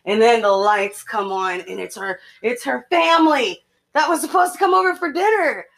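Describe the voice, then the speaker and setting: Young woman telling friends a gross horror story, kinda high voice, lots of like and you know. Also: moderate pace, creaky, fairly bright tone. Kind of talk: casual storytelling among friends.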